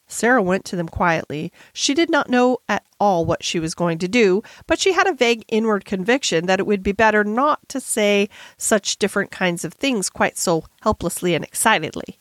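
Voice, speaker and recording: A woman narrating a classic children's novel as an audiobook in a measured, gentle storytelling manner. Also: mid-range voice, expressive, dry recording. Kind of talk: scripted narration.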